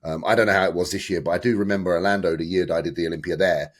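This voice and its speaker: A man and bodybuilder guest on a casual podcast, talking in a measured, unhurried way. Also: low voice, steady tone.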